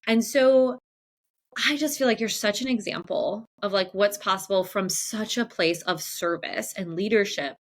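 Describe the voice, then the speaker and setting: A woman's voice: mid-range voice, moderate pace. Brief: woman podcast host, casual, enthusiastic, lots of "like" in her questions. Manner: enthusiastic, rambling questions full of "like". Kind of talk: casual interview talk.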